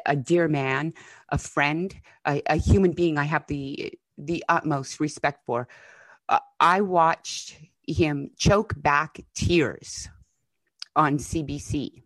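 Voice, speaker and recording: Furious low-voiced woman ranting. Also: dry recording. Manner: angry, emphatic, swearing. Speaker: podcast co-host. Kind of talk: impassioned political commentary.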